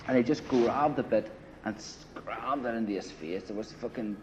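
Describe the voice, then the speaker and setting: An older Irish man, once a paramilitary, talks about his past in a mid-range voice at a moderate pace. His storytelling is casual and blunt, packed with swearing and "you know." The recording is slightly muffled, with background noise.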